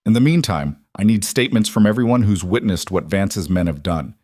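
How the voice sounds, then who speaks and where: Man voicing a frontier marshal, stern, firm, low voice, dry sound. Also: a little mellow, dry recording, lightly acted. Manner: firm, measured, matter-of-fact. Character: stern male frontier marshal, steady and determined.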